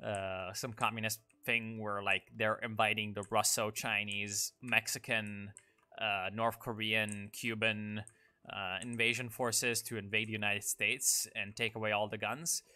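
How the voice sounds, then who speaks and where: A man's voice: lowish voice, flat delivery, unhurried, bright, forceful tone. A young man casually commenting on a strategy game, rambling and sarcastic, swearing freely. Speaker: gaming YouTuber.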